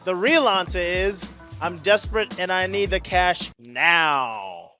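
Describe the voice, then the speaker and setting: A man's voice: high voice, lively intonation, slow, sharp tone, soft background music. Dry, wry male comic in interview. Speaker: comedy contestant.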